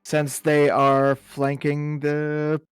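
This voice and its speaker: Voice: medium pitch, monotone, extremely slow, smooth, dry recording, soft background music. A player in a tabletop role-playing game, moving between in-character talk and out-of-character asides and repeating words when unsure.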